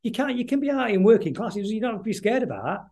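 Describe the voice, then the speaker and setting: A middle-aged man talks quickly and loosely as a guest on an interview podcast. His voice sits a little high for a man. He rambles, trips over his words and keeps restarting his sentences. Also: very animated, a little mellow. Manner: rambling, halting, many restarts. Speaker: guest musician. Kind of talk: casual interview chat.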